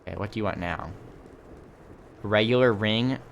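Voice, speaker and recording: A man's voice: fairly low pitch, moderate pace, creaky, a little hiss or hum. A man commenting on a video game as he plays, musing aloud with wry jokes. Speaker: gaming channel host. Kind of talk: let's play commentary.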